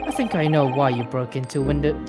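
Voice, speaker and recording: A woman's voice: a bass voice, a little fast. Woman streamer, casual game commentary, chatty, music bed. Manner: offhand, chatty asides.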